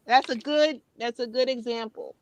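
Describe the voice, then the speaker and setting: A woman's voice: fairly high pitch, moderate pace, a little mellow, highs cut off. Chatty woman with a New York accent. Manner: chatty, laughs easily, opinionated. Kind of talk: casual late-night chat.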